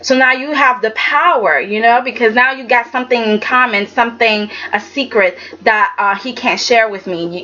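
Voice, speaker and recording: High-voiced woman chatting, lo-fi. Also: normal speed, few pauses. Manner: animated, chatty, acts out quotes in dramatic voices. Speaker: soap opera reviewer. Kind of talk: casual chat. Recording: dull lo-fi sound with faint background noise.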